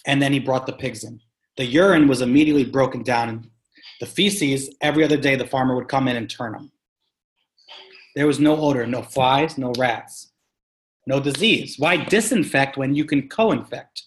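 A man talking as an interview guest about farming, telling an animated story with emphatic, punchy delivery and casual swearing. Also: mid-range voice, normal speed. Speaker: guest, sustainable farming practitioner. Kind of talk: conversational storytelling.

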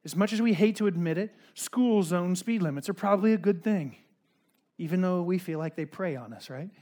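Male pastor, high voice, casual sermon with chatty asides, loud-to-quiet swings. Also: a little fast.

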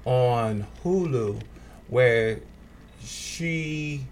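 A man co-hosting a podcast in casual chat, halting and repeating words as he retells scenes with animation. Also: medium pitch, slight background noise. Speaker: podcast co-host.

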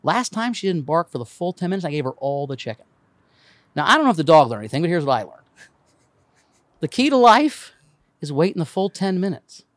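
A fast-talking man from Indiana tells a comedy story at a lively clip, his voice swinging up and down as he acts out the people in it. The sound is dry and close, with almost no room in it, and he swears freely. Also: a little high, no room sound. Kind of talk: casual podcast storytelling.

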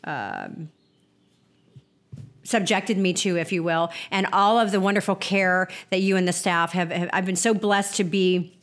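A middle-aged woman hosting a podcast, talking in an effusive, chatty way and thanking her guest warmly. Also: lowish voice, unhurried. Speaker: podcast host. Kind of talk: casual interview chat.

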